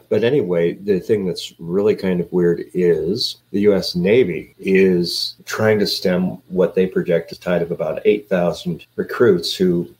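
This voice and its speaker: Deep-voiced rambling talk-show man. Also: darkish tone. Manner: rambling, many uhs and restarts. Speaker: podcast host. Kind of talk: casual news talk show.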